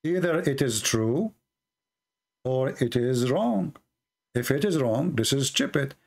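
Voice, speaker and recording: A man's voice: mid-range voice, expressive, slow pace, gravelly, darkish tone. A man hosting a confrontational debate in non-native English, pressing the same question over and over with sarcasm. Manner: pushy, sarcastic, repeats questions. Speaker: debate host.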